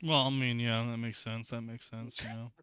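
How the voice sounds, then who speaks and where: A man's voice: mid-range voice, little pitch movement, normal speed, bright, forceful tone, clear, resonant tone, no room sound. A man co-hosting a stream, reading fanfiction aloud and making dry sarcastic asides. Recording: dry, dull lo-fi mic.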